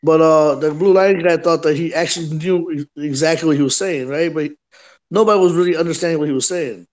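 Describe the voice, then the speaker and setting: A man's voice: a little high, fairly quick, darkish tone. A man hosting a livestream who tells a story in casual chat, acting out quotes and saying "right?" and "bro" often. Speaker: livestream host.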